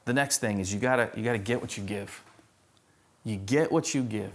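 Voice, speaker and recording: Lebhafter Prediger, Mann, Gemeindegottesdienst. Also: male voice, lowish voice, normal speed. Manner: conversational, animated preaching with humor. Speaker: pastor. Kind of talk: sermon.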